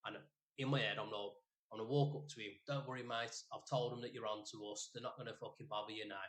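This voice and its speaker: A man's voice: fairly low pitch, quick pace. A man, co-hosting a podcast and telling a rambling, sweary story in casual chat. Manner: rambling, sweary, animated retelling. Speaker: podcast co-host.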